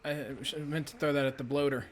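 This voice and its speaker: A man's voice: a little high, flat delivery, quick pace, slight background noise. A man chatting casually while playing a video game, swearing and panicking at times. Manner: swears a lot, panicky outbursts. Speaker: let's play host. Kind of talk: casual gameplay chat.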